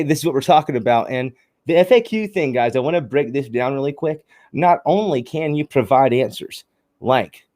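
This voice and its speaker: A man's voice: medium pitch, darkish tone, no echo. A man hosting a podcast in casual chat, enthusiastic and talkative, speaking straight to his listeners. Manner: enthusiastic, talkative, addresses listeners as guys and y'all. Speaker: podcast host.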